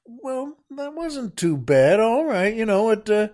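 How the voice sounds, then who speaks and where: A man's voice: high-pitched, very animated, slow pace, a little mellow, voice pushed up, full character voice. A man voicing a good-natured young woman in a told joke, speaking hesitantly. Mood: amused. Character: mild-mannered young woman buying a parrot.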